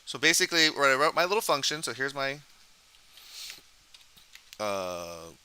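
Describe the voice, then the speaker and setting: A man gives a college programming lecture while coding live, speaking casually, thinking out loud and putting questions to the class. His medium-pitched voice is very animated, pushed and bright, a little slow, with slight background noise.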